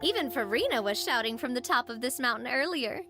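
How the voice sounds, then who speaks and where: A woman's voice: a little high, lively intonation, a little fast, sharp tone, soft background music. A bubbly, teasing young woman. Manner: bubbly, playful, laughs easily. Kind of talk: game voice acting.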